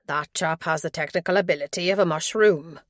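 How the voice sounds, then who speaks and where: Audiobook part: a woman narrator voicing a prickly Welsh tech man, loud and jargon-heavy, dry close sound. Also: fairly high pitch, fairly quick, dry recording, natural voice. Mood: tetchy. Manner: impatient, jargon-heavy, scornful. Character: fussy sharp-tongued Welsh male tech expert.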